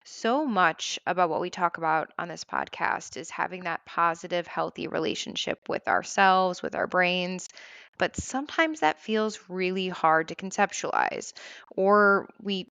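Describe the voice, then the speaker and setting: A woman hosting a podcast who guides listeners through a meditation in a calm, gentle, reassuring way, counting breaths slowly. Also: lowish voice, smooth, no echo. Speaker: podcast host guiding a meditation.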